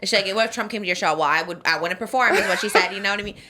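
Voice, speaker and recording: Fast, bright-voiced woman podcast host. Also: mid-range voice, a little hiss or hum. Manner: gushing, quick, full of "like" fillers. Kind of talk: casual chat.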